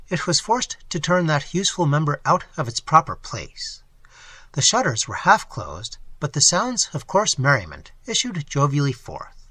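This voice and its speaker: Expressive husky male audiobook narrator. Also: on the high side, dry recording. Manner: expressive, measured storytelling. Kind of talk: audiobook narration of a classic novel.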